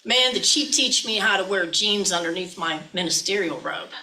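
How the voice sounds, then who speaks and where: A woman's voice: mid-range voice, animated, moderate pace, pushed and bright, rough recording. A woman minister giving a chatty, folksy sermon, often teasing her listeners.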